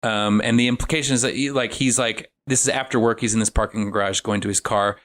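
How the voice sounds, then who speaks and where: A man's voice: on the low side, fairly even intonation, fast, fairly bright tone. A man in casual chat, recapping a film in a loose, rambling way with many fillers. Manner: rambling, filler-heavy storytelling. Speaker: podcast guest recapping a film.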